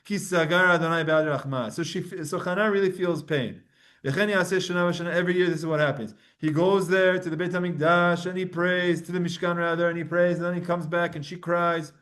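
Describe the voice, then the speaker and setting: A man's voice: sits high, fairly even intonation, fairly quick, fairly bright tone. A man teaching a Talmud class, reading Hebrew verses aloud and then translating and explaining them in casual English. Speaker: Torah teacher.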